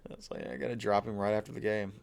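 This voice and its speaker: Gravelly-voiced man talking sports. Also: on the low side, steady tone, rapid-fire. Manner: loose, swearing, laughs often. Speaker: podcast co-host. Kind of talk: casual sports chat over drinks.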